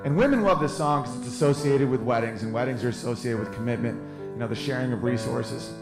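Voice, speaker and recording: A man's voice: mid-range voice, fast talker, roomy sound, music in the background. A man in his thirties doing a brash, crude stand-up set on a club stage, riffing with the crowd. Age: 30s. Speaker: stand-up comedian.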